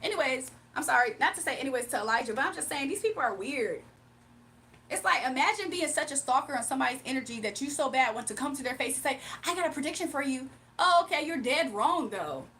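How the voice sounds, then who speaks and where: Bright, high-pitched woman streamer; sassy, exasperated rant at chat, faint background hum. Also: expressive, fast. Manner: sassy, exasperated, talks back to chat comments. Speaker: livestream host reading chat. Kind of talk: casual livestream rant.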